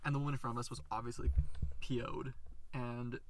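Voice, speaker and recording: A young man from Canada co-hosting a podcast, telling an animated story and acting out other people's lines. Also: medium pitch, fairly quick, noisy background. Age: young adult. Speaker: podcast co-host. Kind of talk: casual storytelling chat. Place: outdoors, in a thunderstorm.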